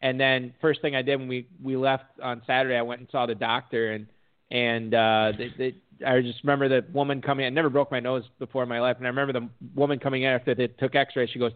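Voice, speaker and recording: A man's voice: medium pitch, little pitch movement, fast talker, clear, resonant tone. A man hosting a podcast, telling stories in casual chat and laughing often. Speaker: podcast host. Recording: tinny phone-like audio.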